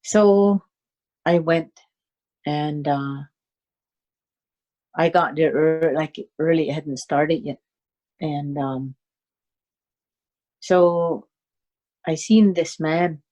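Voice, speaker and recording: A woman telling a personal story in a halting, unhurried way, with many fillers and restarts. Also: sits low, mellow. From Cayuga Nation, Six Nations of the Grand River, Canada.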